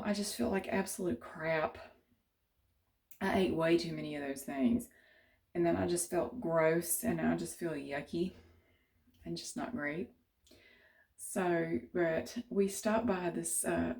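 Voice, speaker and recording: A woman's voice: on the low side, a little slow, mellow. A tired woman chatting casually to camera as a vlogger, rambling and correcting herself as she goes.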